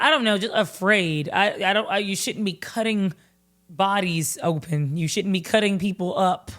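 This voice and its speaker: A woman vlogger recapping reality TV in a casual, animated and blunt way, swearing freely. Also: medium pitch.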